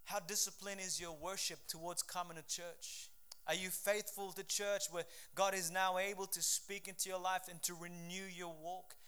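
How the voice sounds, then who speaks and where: A middle-aged pastor preaching a sermon in a fervent, conversational way, with frequent restarts. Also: male voice, sits high, bright, forceful tone, clear, resonant tone.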